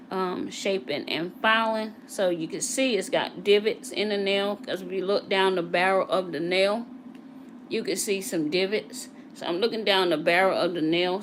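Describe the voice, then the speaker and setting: Woman, nail technician, chatty live tutorial, faint room noise. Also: lowish voice. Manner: chatty, talks to live viewers while working. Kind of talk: casual live tutorial chat.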